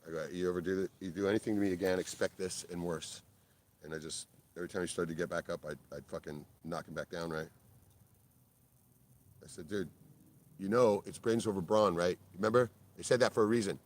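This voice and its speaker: Profane deep-voiced man telling a story. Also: fairly even intonation, a little fast, slight background noise. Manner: profane, blunt, keeps tagging "right?"; gets loud and worked up in bursts. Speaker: video creator. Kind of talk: rambling personal story.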